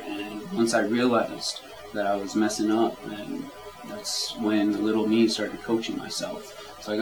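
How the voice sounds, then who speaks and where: A man speaking as an interview guest in a relaxed, rambling way, with many fillers. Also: fairly low pitch, low-quality recording. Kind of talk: casual conversational interview. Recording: crowd chatter clearly audible behind.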